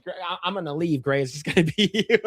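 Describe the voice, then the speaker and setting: On a livestream he co-hosts, a man spins a lengthy story, swearing casually and stumbling through restarts and stammers. He speaks fast in a high, slightly bright voice, recorded dry with studio quality.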